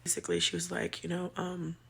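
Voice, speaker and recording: A woman vlogger telling a personal story to her viewers, halting with many pauses and fillers, shaken and emotional. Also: lowish voice, very animated, creaky, husky.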